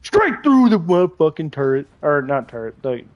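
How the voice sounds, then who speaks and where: A man's voice: fairly high pitch, big pitch swings, moderate pace, no echo, highs cut off. Rambling man streaming a game. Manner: rambling, heavy use of "like", many restarts. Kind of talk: casual chat while gaming.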